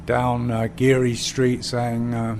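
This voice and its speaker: An older Englishman with an English accent, founder of a cider company, tells stories in a rambling, filler-laden way as an interview guest at the bar of a small pub. His mid-range voice is monotone and darkish, and he takes it slowly, with slight background noise.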